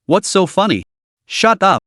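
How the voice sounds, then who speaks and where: A brisk, scolding young woman who nags her friend to hurry, read out by the male narrator. Her lines come a bit high and lively, dry and close to the mic. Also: no room sound, exaggerated voice. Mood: bossy.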